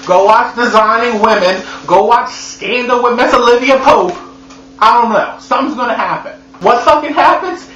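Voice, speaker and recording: A man reviewing a movie in a sassy, profane, animated comedy recap. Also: high-pitched. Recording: echoey room, dull lo-fi sound, faint hum.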